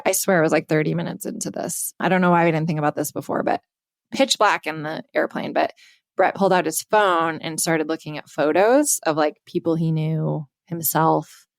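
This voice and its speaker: A woman's voice: deep voice, steady tone, normal speed, no echo, studio quality. A woman in her thirties, co-hosting a podcast, candidly retelling a story with casual swearing. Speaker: podcast co-host.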